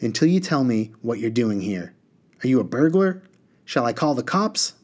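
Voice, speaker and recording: A man's voice: medium pitch, sing-song, normal speed, a little mellow. A man reading the part of a firm, stubborn young boy. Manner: firm, demanding.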